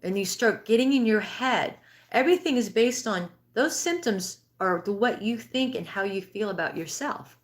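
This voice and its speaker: A woman's voice: medium pitch, expressive, normal speed. A woman in her sixties giving a live-streamed spiritual healing talk and answering viewer comments. She speaks earnestly and conversationally, with frequent restarts. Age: 60s. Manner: acts out inner thoughts in a raised, pleading voice.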